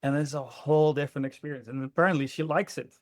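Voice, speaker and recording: A man's voice: on the high side, fairly even intonation, quick pace, no room sound. Blunt, profane man coaching. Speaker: relationship coach. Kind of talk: candid interview conversation.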